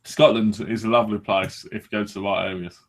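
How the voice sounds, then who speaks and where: A man's voice: fairly low pitch, flat delivery, fast. A man from England hosting a casual podcast, chatting in a joking, rambling way with restarts and some swearing. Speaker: podcast host. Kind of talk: casual banter.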